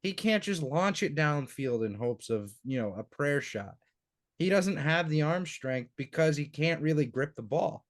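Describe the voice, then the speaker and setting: A man's voice: fairly high pitch, expressive, measured pace. Rambling young man talking sports bets. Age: young adult. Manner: rambling, swears freely, hypes up the group. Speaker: podcast co-host. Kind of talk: casual sports betting chat.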